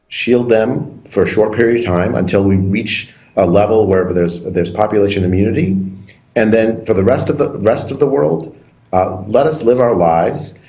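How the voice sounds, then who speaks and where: A man's voice: lowish voice, darkish tone, muffled recording. A man appearing as a doctor guest in a TV interview, talking hesitantly and restarting often.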